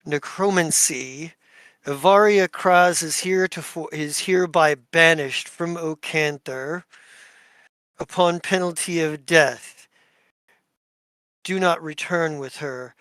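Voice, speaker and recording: A man voicing an imperious, commanding male duke who speaks formally and slowly. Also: on the high side, bright, forceful tone, smooth, dry recording. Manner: formal, pronouncing judgment slowly.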